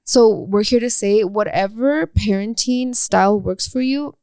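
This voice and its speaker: A woman's voice: medium pitch, measured pace, darkish tone, clear, resonant tone, dry recording. Young female co-host, casual and talkative, dips into Spanish; dry close-mic sound. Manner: chatty, switches into Spanish phrases. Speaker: podcast co-host. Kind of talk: casual chat.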